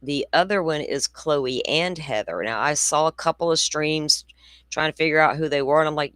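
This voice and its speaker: A woman's voice: low voice, expressive, normal speed, a bit bright, no room sound. A woman in her forties hosting a true crime show, talking in a chatty, blunt way with rambling asides. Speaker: true crime podcast host. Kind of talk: casual livestream commentary.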